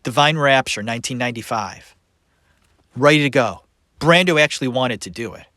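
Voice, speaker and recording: A man hosting a solo podcast, talking about actors in an animated, sarcastic way with frequent laughter. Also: mid-range voice, normal speed, dry recording, studio quality. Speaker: podcast host.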